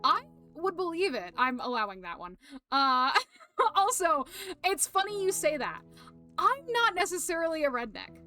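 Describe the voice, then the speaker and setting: A woman's voice: sits high, sing-song, moderate pace, pushed and bright, faint music behind. A young woman streaming, chatting casually to viewers, rambling with lots of fillers, laughter and swearing.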